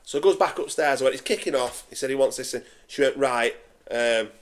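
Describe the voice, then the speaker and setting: A man, hosting a podcast and telling a sweary, animated story in casual chat. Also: medium pitch, quick pace. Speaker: podcast host.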